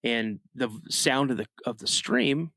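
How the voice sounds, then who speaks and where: A man who is a guest on a podcast, telling a personal story in a casual, animated way. He often restarts his sentences and adds "you know" asides. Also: medium pitch, unhurried, creaky, no room sound, clean studio sound. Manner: animated storyteller, rises sharply when acting out his younger self shouting.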